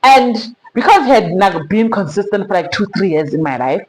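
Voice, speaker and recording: A young South African woman telling a personal story in a sit-down vlog, animated and sprinkling in Zulu slang. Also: medium pitch, fairly quick, low-quality recording. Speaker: vlogger.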